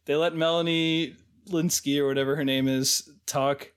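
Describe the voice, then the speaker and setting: A man co-hosting a podcast, talking in loose casual chat with a slightly high voice. He is blunt and sarcastic in his opinions and laughs often. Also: fairly even intonation, moderate pace, smooth. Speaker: podcast co-host.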